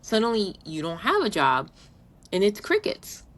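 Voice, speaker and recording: A woman's voice: mid-range voice, huge pitch swings, moderate pace. A woman co-hosting a podcast, speaking frankly and emphatically in casual chat. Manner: frank, emphatic, acts out quoted voices. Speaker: podcast co-host. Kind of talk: casual conversational podcast talk.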